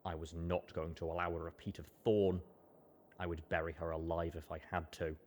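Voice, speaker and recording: A man reading fiction aloud as a first-person narrator, measured and earnest. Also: low-pitched, flat delivery, darkish tone. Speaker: audiobook narrator.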